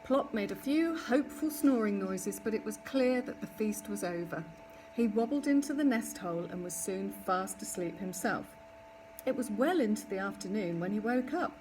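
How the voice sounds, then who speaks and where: A woman narrating a children's storybook in an expressive, animated reading. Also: medium pitch. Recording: distant mic with faint ambience.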